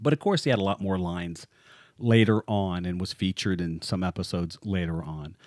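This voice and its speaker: A man's voice: low voice, normal speed, darkish tone, no echo, studio quality. A man co-hosting a podcast in casual, chatty talk, joking and laughing often as he goes. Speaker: podcast co-host.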